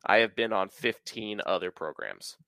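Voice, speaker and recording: A man's voice: lowish voice, expressive, normal speed, gravelly, bright, forceful tone, no room sound. A man in his thirties from the American South, talking at length as a podcast host, with plenty of filler words. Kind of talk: casual podcast chat.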